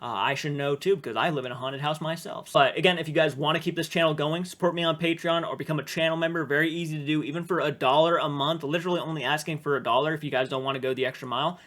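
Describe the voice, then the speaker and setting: Male reaction host, chatty and loose, talks fast. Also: on the high side, steady tone, fairly bright tone. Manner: chatty, rambling, swears casually. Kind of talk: casual reaction commentary.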